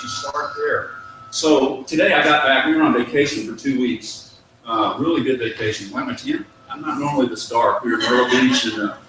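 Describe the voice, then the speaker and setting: A man's voice: medium pitch, a bit bright, slight background noise. A man in his fifties giving a motivational business talk to a live audience, telling stories and acting out bits of dialogue. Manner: storytelling, acts out dialogue, has audience repeat phrases. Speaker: business speaker. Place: meeting room with an audience. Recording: echoey room, mic at a distance.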